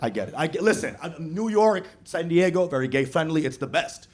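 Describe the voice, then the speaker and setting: A man's voice: a little high, lively intonation, brisk. A man from Texas doing a brash stand-up comedy set, bantering with the crowd. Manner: brash, crowd-work banter, puts on voices for quotes. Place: comedy club stage with audience. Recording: loud audience laughter behind.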